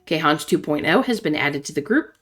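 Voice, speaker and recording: A woman's voice: sits low, animated, a little fast, fairly bright tone, soft background music. A woman hosting a gaming channel, reading a text game's chats aloud with chatty asides and frequent laughter.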